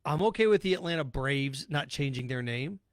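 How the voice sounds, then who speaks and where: A man's voice: mid-range voice, expressive, normal speed, no echo, studio quality. A man hosting a sports talk podcast, ranting bluntly and sarcastically, repeating his points and mocking others. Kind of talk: opinionated solo podcast rant.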